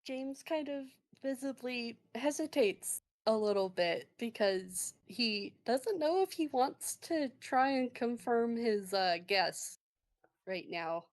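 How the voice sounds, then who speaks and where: A woman's voice: fairly high pitch, lively intonation, slow. A woman describing her character's actions in a tabletop role-play, with many fillers and restarts. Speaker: player.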